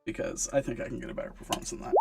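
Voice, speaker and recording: A man's voice: medium pitch, fairly even intonation, very fast, vocal fry, husky, faint music behind. A man playing a tabletop game, carefully explaining his character's spells and rules with frequent ums. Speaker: player.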